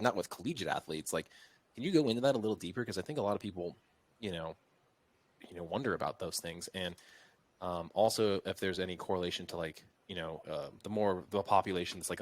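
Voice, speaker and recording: A man's voice: sits low, fast, dry recording. A man hosting a podcast interview, chatting casually and rambling with many fillers. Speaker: podcast host.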